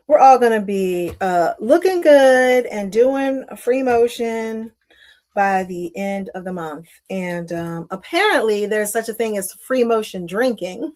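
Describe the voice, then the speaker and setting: A woman's voice: on the high side, animated, unhurried. A woman hosting a live quilting stream, chatting casually and welcoming viewers while she sews, with frequent fillers. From Northern Virginia.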